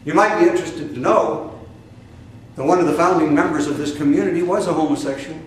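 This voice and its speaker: Fiery older Midwestern preacher, echoey. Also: male voice, on the high side. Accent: Midwestern American. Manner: fiery, emphatic preaching with sudden loud outbursts and drawn-out stresses. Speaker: spiritual teacher. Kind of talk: sermon. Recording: echoey distant room recording with faint noise.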